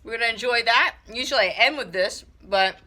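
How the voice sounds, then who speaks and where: Here is a woman filming her own home cooking vlog. Her voice is bright and clear, and she rambles in a relaxed way with plenty of "um" and "so". She sounds chatty and easygoing throughout. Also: on the high side, a little fast. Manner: chatty, easygoing, lots of fillers. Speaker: family vlogger. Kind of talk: casual cooking vlog chat. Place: home, partly outdoors.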